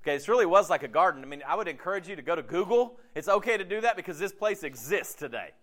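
A man preaching a casual, jokey sermon, acting out quotes with lively swings in his voice. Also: sits high, fast talker. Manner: animated, jokey, acts out quotes. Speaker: pastor.

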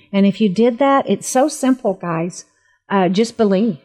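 A woman's voice: mid-range voice, unhurried, dark tone. A woman co-hosting a faith talk show on the radio. She speaks in an earnest, fervent way and leads listeners through a spoken prayer. Her voice sits in a middle range.

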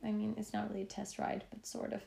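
A woman's voice: medium pitch, completely flat delivery, quick pace, creaky, warm tone, roomy sound. A woman with a Canadian accent co-hosting a casual late-night podcast, chatty and tired, laughing often and restarting her sentences. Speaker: podcast co-host.

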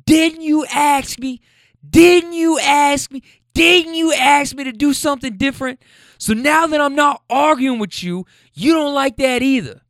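A man voicing a furious young woman screaming at her partner in the street, shrill and yelling at the top of her lungs. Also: measured pace, no room sound, clean studio sound, full character voice.

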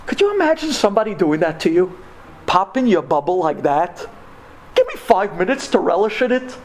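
A man's voice: high-pitched, very animated, normal speed, a little hiss or hum. A man telling a personal story to an audience, impassioned, with stammering restarts and religious Hebrew and Yiddish terms. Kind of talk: emotional personal storytelling talk. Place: before a live audience.

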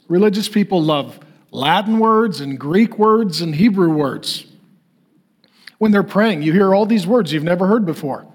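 Middle-aged male pastor, lively high preaching voice with a husky edge, jokes and acts out others. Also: normal speed. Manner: animated, jokey, acts out voices. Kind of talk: sermon.

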